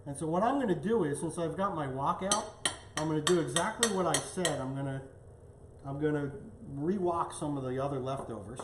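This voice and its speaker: A man's voice: a little high, fairly quick, echoey room, background noise. A man hosting a casual cooking demonstration in his home kitchen, chatting as he plates and tastes the food. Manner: chatty, talks while tasting and plating. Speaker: cooking show host.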